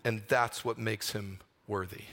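A man preaching a sermon in an earnest way, slowing down and softening his voice on the key phrases. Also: lowish voice, fairly even intonation. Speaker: pastor.

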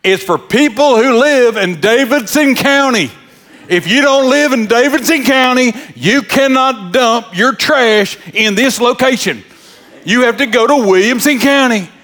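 A man's voice: very high-pitched, unhurried, fairly bright tone, in a large hall, pitched above the performer's own voice. Give me a man playing a nosy, bossy gate lady with a raised, busybody voice. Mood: officious. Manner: officious, nosy, chatty. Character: fussy little old-lady dump gatekeeper, bossy.

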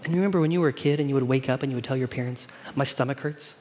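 A man's voice: mid-range voice, racing, warm tone. A man preaching a sermon to his congregation in a casual, conversational way, often asking them questions. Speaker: pastor. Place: church hall.

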